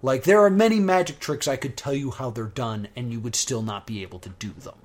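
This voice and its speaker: A man casually recapping a TV episode with a co-host, animated when quoting scenes. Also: medium pitch, fairly quick. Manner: animated retelling, bursts into loud quoted exclamations. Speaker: podcast co-host. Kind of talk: casual chat recapping a TV show.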